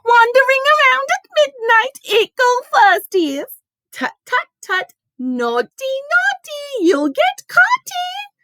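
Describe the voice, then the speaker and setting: A shrieking, sing-song male poltergeist, as a woman reader puts him on, cackling and taunting in a high, swooping voice. The reading is close and dry, with no room sound. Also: very animated, takes it slowly, pushed and bright, dry recording, heavily acted. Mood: gleeful taunting.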